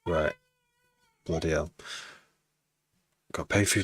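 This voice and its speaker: Deep, forceful-toned chatty man. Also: takes it slowly, long pauses, no echo. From Cheshire, England. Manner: rambling, chatty, full of asides. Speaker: music producer streaming a session. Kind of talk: casual livestream chat.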